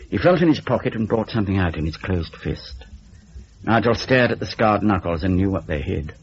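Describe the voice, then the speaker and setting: A man with a husky voice narrating a horror story in an expressive storytelling style. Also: low voice, normal speed, dull audio, slight background noise. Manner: expressive, varied storytelling delivery.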